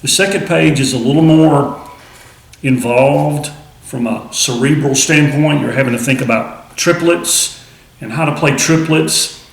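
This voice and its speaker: Man, music teacher, casual explaining, gravelly voice, roomy echo. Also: mid-range voice, unhurried. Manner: counts aloud, explains plainly and casually. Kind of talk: instructional demonstration. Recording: echoey room with loud drumming. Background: snare drum playing.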